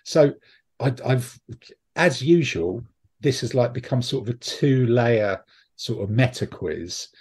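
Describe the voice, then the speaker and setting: A man's voice: medium pitch, expressive, slow pace, a little mellow, husky. A man hosting a podcast, chatting casually and rambling with frequent ums and restarts. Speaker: podcast host. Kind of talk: casual chat.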